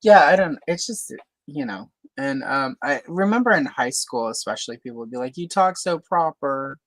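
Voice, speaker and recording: A woman's voice: a bass voice, expressive, brisk, no echo, poor audio. A woman from Louisiana hosting a casual livestream chat, talking in a chatty way with many fillers and careful, neutral speech. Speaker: host.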